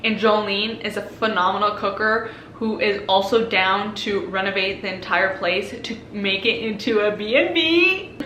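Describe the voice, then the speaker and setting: A young woman chatting gushingly about books on her vlog, quick to laugh and sigh. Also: medium pitch, pushed and bright. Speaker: book vlogger. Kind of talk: casual vlog chat. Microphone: compact camera. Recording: echoey room with faint noise.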